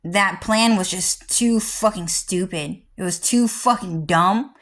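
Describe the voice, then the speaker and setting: A woman's voice: mid-range voice, slow. Foul-mouthed woman ranting erratically. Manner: heavily profane, rambling and erratic, swinging between loud and muttered. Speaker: vlogger. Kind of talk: rambling livestream rant.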